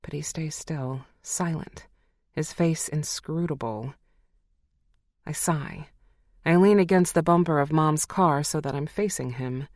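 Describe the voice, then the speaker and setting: A woman with a low voice narrates a romance audiobook in the first person. Her telling is expressive and heartfelt. The studio sound is dry and close. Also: measured pace, no echo.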